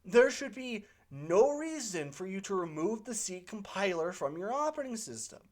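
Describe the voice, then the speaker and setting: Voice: medium pitch, very animated, moderate pace. A channel host answering viewer questions in a casual, unscripted monologue, rambling and opinionated, with frequent fillers and self-corrections.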